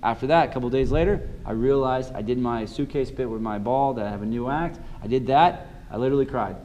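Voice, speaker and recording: A male stage performer recounts his experiences in a relaxed interview, talking at a quick clip. He is animated and often acts out scenes and other people's lines as he goes. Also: medium pitch, lo-fi sound. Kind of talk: casual storytelling interview.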